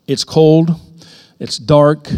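A man's voice: on the high side, drawn-out words, darkish tone, smooth. A middle-aged male pastor preaching a sermon in a conversational storytelling way, with sudden emphatic rises in his voice.

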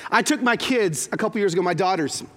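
A man's voice: high voice, fast. A man in his forties preaching a sermon as a pastor, telling stories with acted-out quotes. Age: 40s. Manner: animated storytelling with acted-out quotes.

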